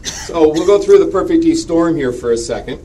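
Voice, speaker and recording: Joking middle-aged man giving a keynote. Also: on the high side. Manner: animated, joking, quick asides. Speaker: conference keynote speaker. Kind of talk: conference presentation. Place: conference hall. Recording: distant mic with steady background hiss.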